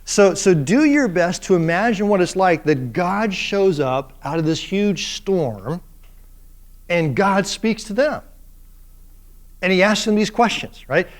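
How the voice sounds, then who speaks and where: A man professor giving a classroom lecture, animated and full of playful rhetorical questions. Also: high-pitched, a little slow.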